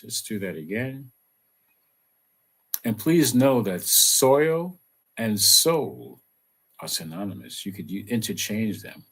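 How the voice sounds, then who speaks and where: A man, a reverend, giving a reflective spiritual talk and leading slow guided affirmations with pauses and repeated phrases. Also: on the low side, big pitch swings, a bit bright, slightly rough.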